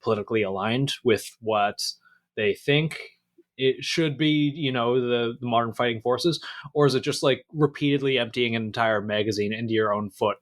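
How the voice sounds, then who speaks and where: A man's voice: medium pitch, moderate pace. Laid-back man hosting a podcast. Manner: laid-back, profane, deadpan jokes. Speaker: podcast host. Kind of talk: casual podcast chat.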